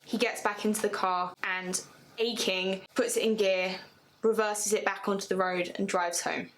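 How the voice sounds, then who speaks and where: A woman casually retelling a fan story, chatty and animated, swearing freely as she goes. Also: medium pitch, moderate pace, a little hiss or hum, low-quality recording.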